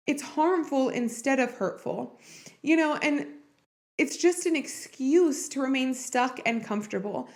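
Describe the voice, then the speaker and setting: A woman hosting a podcast, speaking in a heartfelt, personal and encouraging way about faith and marriage. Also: high-pitched. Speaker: podcast host. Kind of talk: earnest faith-based marriage talk.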